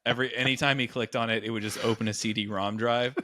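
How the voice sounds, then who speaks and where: A fast-talking man with a mid-range voice co-hosts a podcast, recorded in clean studio sound without room noise. He's an animated storyteller sharing college anecdotes and performing the voices of everyone in them.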